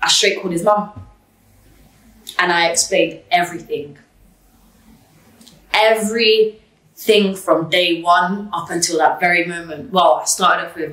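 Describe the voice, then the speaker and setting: A woman telling a personal story in an interview, blunt and animated, swearing freely. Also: fairly low pitch, measured pace, pauses often. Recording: roomy, distant mic.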